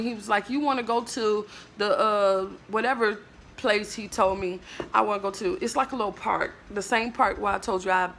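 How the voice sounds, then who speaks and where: A woman's voice: mid-range voice, gravelly, a bit bright, a little hiss or hum. A woman vlogger in an emotional monologue to camera, ranting in a blunt, emphatic, profane way and leaning on fillers like "like, bruh".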